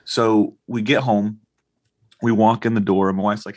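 Casual male podcaster, 30s, husky and low, animated storyteller who acts out every line of dialogue. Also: quick pace. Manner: animated storyteller, acts out quoted dialogue with big pitch jumps, swears freely. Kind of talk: casual chat.

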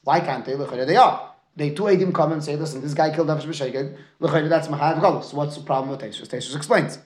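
A man leads a Talmud class at a brisk clip, his voice sitting a little high. He mixes Aramaic and Hebrew terms into his English and keeps asking his students "right?". The echo of the room carries around him. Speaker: Talmud teacher. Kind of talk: lecture with student questions.

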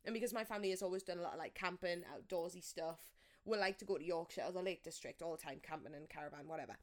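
A young woman from northeast England with a Geordie accent, co-hosting a podcast and telling animated stories with acted-out voices. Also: on the low side, rapid-fire. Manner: animated storyteller, acts out voices, laughs often. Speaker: podcast co-host. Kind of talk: casual chat.

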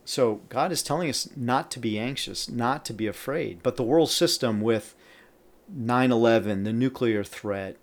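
A man with a mid-range voice delivers a Bible teaching on his podcast at normal speed, emphasizing the scripture as he reads it aloud and breaking between verses to comment.

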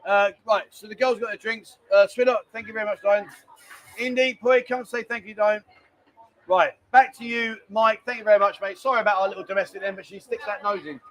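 A man's voice: sits high, steady tone, fairly quick, a bit bright, low-quality recording. A middle-aged man hosting a live stream, chatty and bantering as he rambles along. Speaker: livestream host. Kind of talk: casual live-stream chat.

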